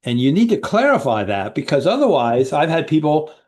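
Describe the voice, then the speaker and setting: A middle-aged man hosting an interview, friendly and affirming, a coach who gets animated retelling stories. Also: a little high, a little fast. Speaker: podcast host and coach. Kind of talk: casual interview talk.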